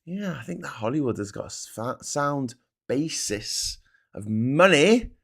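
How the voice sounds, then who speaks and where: A man's voice: medium pitch, big pitch swings, a little slow, creaky, a bit bright. Sarcastic, sweary British man ranting. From Britain. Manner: sarcastic, sweary, laughs between jabs. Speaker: host. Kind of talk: ranting commentary.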